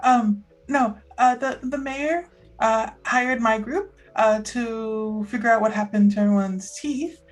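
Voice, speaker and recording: A woman playing her character in a tabletop game. She speaks politely and hesitantly, in a slightly high voice. Faint music runs behind her. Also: measured pace. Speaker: player.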